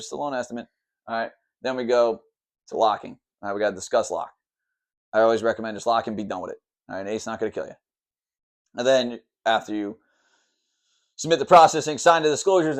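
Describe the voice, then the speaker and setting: A man in his thirties rattles through the steps of a mortgage at a quick clip. He talks like a loan officer chatting to camera, blunt and casual, and he drops sarcastic asides along the way. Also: mid-range voice. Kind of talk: casual explainer talk to camera.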